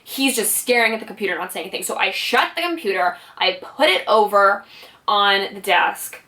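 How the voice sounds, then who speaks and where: A woman's voice: mid-range voice, moderate pace, bright, forceful tone. A woman vlogger telling a personal story in a casual, rambling way, full of "like" and "you know". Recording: voice slightly distant from mic.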